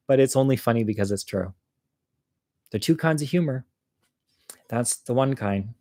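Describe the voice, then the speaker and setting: With a medium-pitched, darkish voice at normal speed and long pauses, this man shares a personal story with livestream viewers. The studio-quality recording has no room sound, and his telling is candid and chatty, full of self-mocking humor and laughter at his own jokes.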